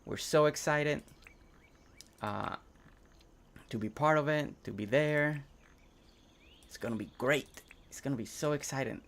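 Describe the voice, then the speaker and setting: Pausing often, a young man with a gravelly, medium-pitched voice speaks at a measured pace. He's a native Spanish speaker on a relaxed game live stream, reading chat aloud and thinking through his build out loud.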